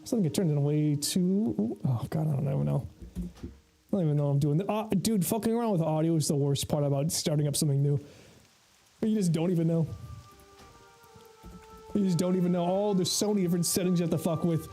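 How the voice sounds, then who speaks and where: A man with an American accent talks through his gameplay in a relaxed, mellow voice. He rambles casually, curses without a second thought and breaks into laughs, with faint music running underneath. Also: a little high, a little fast, vocal fry, pauses often, poor audio. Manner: chatty, swears freely, laughs often. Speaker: streamer. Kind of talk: casual gaming livestream commentary.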